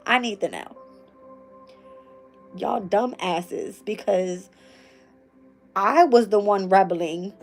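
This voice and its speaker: A woman hosting a casual tarot livestream late at night, talking bluntly and profanely in an animated storytelling way. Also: medium pitch, poor audio. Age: adult with a daughter. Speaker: tarot reader and channel host.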